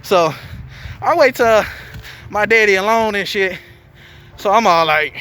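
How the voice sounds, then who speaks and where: A man with a high-pitched voice tells a story to his viewers in a loose, casual vlog style. His delivery is profane and animated, and he slips into character voices to act out quotes. Music plays clearly behind him. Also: unhurried, pauses often. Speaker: vlogger.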